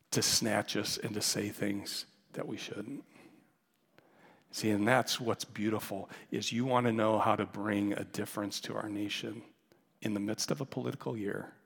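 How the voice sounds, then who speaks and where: A man preaching a sermon as pastor, telling a story with dramatic shifts from loud calls to hushed near-whispers. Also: on the low side, vocal fry, in a large hall. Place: church sanctuary.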